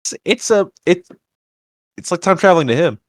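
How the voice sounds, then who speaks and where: A man co-hosting a podcast, chatting casually as he recaps a cartoon series, relaxed and a little profane. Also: sits high, a little fast, no room sound, studio quality. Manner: relaxed, swears casually, retells scenes with playful impressions. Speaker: podcast co-host.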